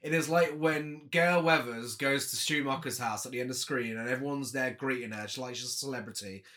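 Bright-voiced man, blunt and profane. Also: mid-range voice. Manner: blunt and profane, quick quips. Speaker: podcast co-host. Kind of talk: casual film-review chat.

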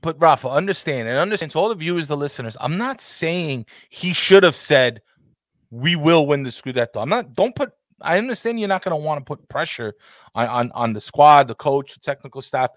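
Male podcast host, heated ranter, swears a lot, higher pitch. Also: animated, a little fast, dry recording, studio quality. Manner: passionate, ranting, swears freely. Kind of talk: heated casual football talk.

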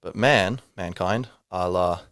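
A man's voice: sits low, slow, fairly bright tone, no room sound, studio quality. A man hosting a solo podcast, talking reflectively and rambling, with many fillers and restarts. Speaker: podcast host.

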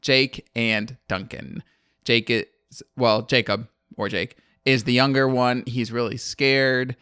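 A man's voice: medium pitch, fairly even intonation, takes it slowly, sharp tone, smooth, no room sound. A man from the American South casually recapping a movie as a podcast co-host, rambling and laughing often. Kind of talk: casual chat.

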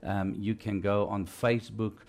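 A man preaching a broadcast sermon in a conversational way. He asks listeners questions and turns louder and higher when stressing a point. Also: level tone, measured pace, vocal fry. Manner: frequent fillers and restarts.

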